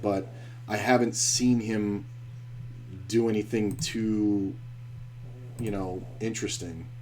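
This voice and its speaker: A man's voice: on the low side, darkish tone, slight background noise. A man streaming online poker, talking through his hands in a blunt, profane way as he thinks aloud. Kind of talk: live-stream poker commentary.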